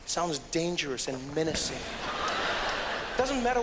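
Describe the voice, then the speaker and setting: Higher-voiced male stand-up comedian, live hall. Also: brisk, heavy background noise. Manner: animated storytelling, slipping into accent impressions. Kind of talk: stand-up performance. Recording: reverberant live venue with crowd ambience.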